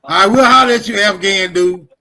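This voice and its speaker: A man's voice: high voice, fairly quick, sharp tone. Loose, profane livestream host man. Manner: loose, profane, teasing banter. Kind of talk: casual livestream chat.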